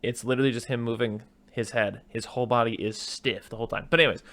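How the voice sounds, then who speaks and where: A man's voice: mid-range voice, quick pace. A man hosting a casual movie podcast, rambling through stories and acting out quotes as he goes. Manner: rambling, animated retelling with put-on quotes. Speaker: podcast host.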